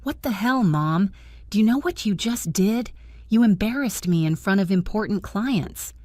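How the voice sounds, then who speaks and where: A woman's voice: mid-range voice, lively intonation, normal speed, warm tone, dry recording, clean studio sound, natural voice. A woman reading as an angry entitled grown son. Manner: controlled, calculated.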